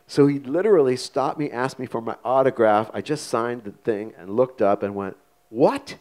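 An older man telling a comic anecdote on stage in a small theater, animated and acting out the voices. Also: mid-range voice, moderate pace. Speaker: guest storyteller. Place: small museum theater before an audience.

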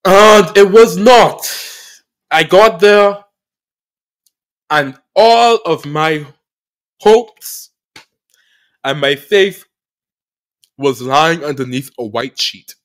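On a podcast, a male host with a fairly high voice shares a personal story of loss. He speaks emotionally and haltingly, often repeating phrases, and his faith comes through as earnest.

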